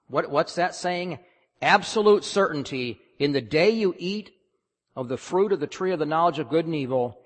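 Emphatic pastor in reverberant hall. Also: male voice, fairly high pitch, animated, measured pace. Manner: emphatic, questioning the congregation. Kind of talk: sermon.

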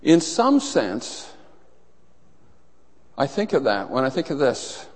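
With a mid-range voice and a slow pace, a middle-aged man preaches as a pastor, animating his sermon with stories and acted-out voices. The recording carries long reverb from a large hall.

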